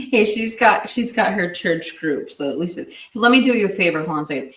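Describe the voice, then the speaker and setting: A chatty woman co-hosts a true crime livestream, laughing often and filling her sentences with "like." Her voice sits fairly low. She sounds set back from the mic in a roomy space. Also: expressive, a bit bright, recorded from a distance. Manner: chatty, quick to laugh, lots of "like". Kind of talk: casual livestream chat.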